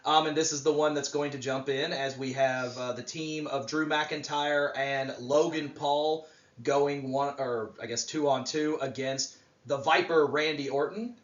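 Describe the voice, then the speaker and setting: A man's voice: fairly high pitch, a little slow. A man co-hosting a wrestling podcast, talking casually in a rambling way with lots of fillers. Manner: rambling, filler-heavy, relaxed. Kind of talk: casual chat, predictions. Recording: roomy, distant, dull mic.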